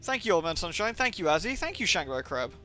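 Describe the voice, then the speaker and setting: A man's voice: sits high, sing-song, fast, bright, forceful tone, faint music behind. Rambling young English man streaming. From England. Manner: rambling, swears often, many fillers. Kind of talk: livestream gaming chat.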